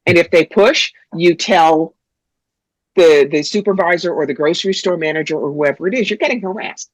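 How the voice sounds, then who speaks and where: Blunt, lively woman from New York with a dry close sound, for a guest spot. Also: sits low, moderate pace, no room sound, rough recording. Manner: blunt, animated, funny storyteller. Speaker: psychic, guest. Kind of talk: interview, storytelling.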